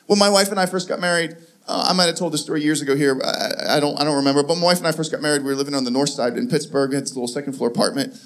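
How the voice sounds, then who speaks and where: A male pastor preaching a sermon, telling stories with lively acted-out voices and frequent laughs. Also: fairly high pitch, very fast. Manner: animated storytelling, acts out voices, laughs often.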